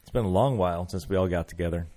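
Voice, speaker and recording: A man's voice: deep voice, rapid-fire, warm tone. A man hosting a casual podcast chat, blunt and swearing freely. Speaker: podcast host.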